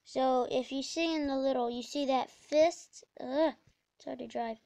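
A woman giving casual, rambling commentary while playing a video game, breaking into sudden excited exclamations. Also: high voice, moderate pace, gravelly, dry recording. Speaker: let's play gamer.

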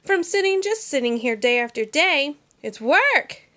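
A woman's voice: sits high, big pitch swings, measured pace, pushed and bright, heavily acted. A woman voicing a lazy, bored female bird who coaxes others, in a sing-song storybook reading. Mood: whiny.

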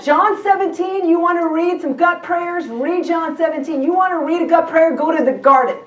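A guest pastor, a woman with a very high-pitched voice, preaches at a moderate pace in a church sanctuary. Her sermon is conversational, full of restarted sentences and questions aimed at the congregation, and the audio comes from a distance in an echoey hall.

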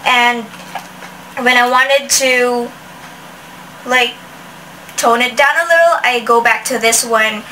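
Bright, high-voiced woman vlogger. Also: steady tone, slow pace, pauses often, distant mic, a little hiss or hum, low-quality recording. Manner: chatty, with restarts and frequent "like". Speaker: beauty vlogger. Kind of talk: casual product review.

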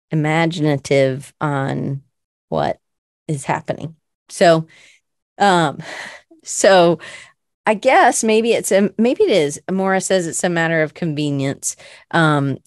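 Brief: middle-aged woman podcast host, lowish voice, casual rambling self-reflection. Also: expressive, takes it slowly, long pauses, clean tone, dry recording, clean studio sound.

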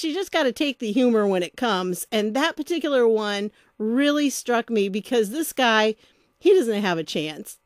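A woman's voice: fairly high pitch, no echo, studio quality. A woman giving casual political commentary, chatty and sarcastic, laughing often as she reads documents aloud.

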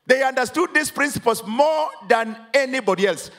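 A man's voice: very high voice, expressive, normal speed. A Kenyan man preaching a sermon as pastor, mixing English and Swahili, and calling out for responses from the congregation. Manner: dramatic, swings from hushed to loud emphatic.

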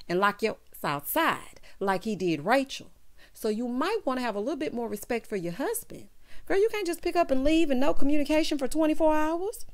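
A woman giving a sassy, animated recap of a reality show, quoting the couples in put-on voices. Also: mid-range voice. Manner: sassy, animated, quotes people in character voices. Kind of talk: casual commentary recapping an episode.

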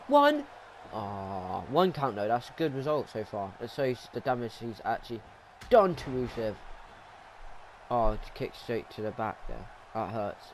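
A man giving excitable play-by-play commentary over his own wrestling video game, dropping to low mutters and then yelling at big moves. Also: a little hiss or hum. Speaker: YouTube gamer narrating his wrestling video game league.

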